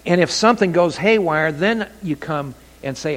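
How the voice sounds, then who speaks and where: A man preaching a sermon as pastor, telling stories with animated delivery and acting out quoted voices. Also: on the high side, moderate pace. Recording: long hall reverb.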